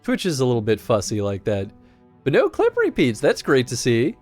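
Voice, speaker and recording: Male streamer, mid pitch, animated and rambling. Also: moderate pace, soft background music. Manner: rambling, with restarts and laughter. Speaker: livestream host. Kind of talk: casual chat while streaming a game.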